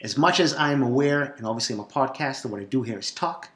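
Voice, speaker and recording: A man's voice: medium pitch, expressive, fast, a bit bright. Brash Boston-accented male podcaster, swears freely and rambles, recorded in an echoey room. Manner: profane, rambling, brash, jokey. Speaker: podcast host. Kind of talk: casual solo podcast monologue.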